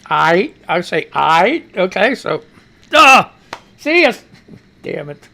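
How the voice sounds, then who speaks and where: A middle-aged American man hosts a live radio news show as casual live-stream news commentary, rambling and swearing while he talks back to himself over the news. His high voice is very animated, slow, gravelly and sharp.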